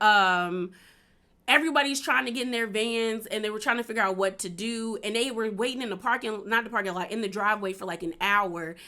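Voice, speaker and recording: A woman's voice: mid-range voice, bright, forceful tone. A young woman casually recapping a reality show, chatty and laughing often, with plenty of filler words. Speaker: recap vlogger.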